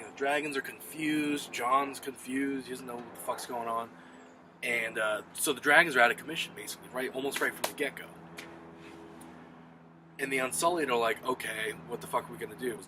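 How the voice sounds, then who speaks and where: Male reviewer, bright, forceful voice, loose and profane recap, faint room noise. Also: medium pitch, moderate pace. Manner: excited, profane retelling with quoted asides. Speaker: TV episode reviewer. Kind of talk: casual solo review.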